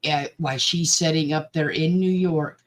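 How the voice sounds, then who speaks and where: A woman's voice: low-pitched, fairly even intonation, measured pace. A woman co-hosting a casual chat, speaking in a subdued, reflective way. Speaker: panel co-host.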